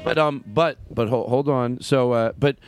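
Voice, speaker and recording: A man hosting a podcast, chatting casually and telling rambling stories with quick asides. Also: medium pitch, music in the background. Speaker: podcast host. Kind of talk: casual chat. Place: room with a small audience.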